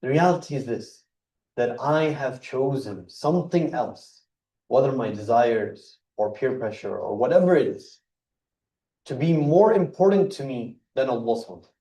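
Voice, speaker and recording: Man, mosque speaker, earnest explainer with a mellow tone, recorded roomy and from a distance. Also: mid-range voice, lively intonation, normal speed. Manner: earnest, explains word by word with emphasis. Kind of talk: religious talk. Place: mosque hall. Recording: echoey hall, mic heard from a distance.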